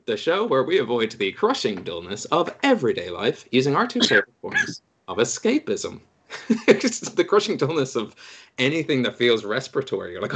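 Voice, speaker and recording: A man hosting a casual podcast chat, jokey and quick to laugh. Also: mid-range voice, wildly swooping pitch, husky. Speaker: podcast host.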